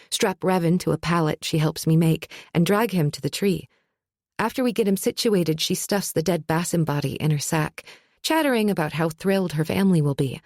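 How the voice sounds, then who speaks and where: A woman's voice: low voice, darkish tone, no room sound, clean studio sound. A woman narrating a fantasy audiobook in first person, with a wry, sardonic edge.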